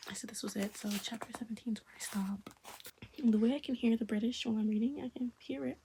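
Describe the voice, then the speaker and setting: A woman's voice: on the high side, moderate pace, dark tone, slight background noise, low-quality recording. A woman reading a webtoon aloud and reacting in casual, often half-whispered talk.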